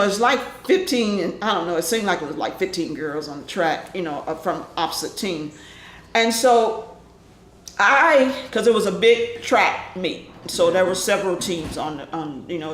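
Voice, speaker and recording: An older woman animatedly telling a family story in an interview, laughing often and acting out the voices of people in it. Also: normal speed. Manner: lively, laughing, acts out voices in high shouts. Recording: echoey room with faint noise.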